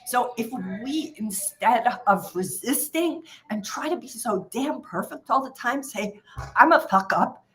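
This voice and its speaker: A woman's voice: fairly high pitch, a bit bright. A woman trading coach talking to her viewers on a live stream. She laughs often, swears casually and tells a story. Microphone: streaming microphone.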